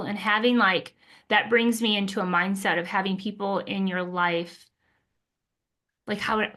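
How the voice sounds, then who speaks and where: A woman's voice: mid-range voice, fairly bright tone. A woman podcast co-host and coach, speaking in casual chat and affirming what her guest says. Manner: affirming, brief encouraging replies.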